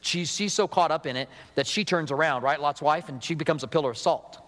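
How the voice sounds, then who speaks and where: Middle-aged male pastor, conversational sermon, slightly high voice, long hall reverb. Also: brisk, fairly bright tone. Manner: conversational preaching with asides and acted-out quotes.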